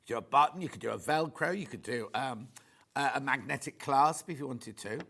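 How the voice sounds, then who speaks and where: A man's voice: mid-range voice, fairly quick, gravelly, sharp tone, slight background noise. A man presenting live on a shopping channel from a TV studio, chatting in a rambling, gushing way with plenty of asides. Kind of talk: live sales demo chat.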